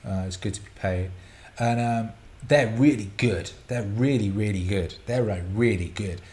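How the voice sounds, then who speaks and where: A man's voice: fairly low pitch, normal speed, a little mellow, slight background noise. A man hosting a show, answering listener questions in a casual, rambling way, swearing freely and restarting his sentences often.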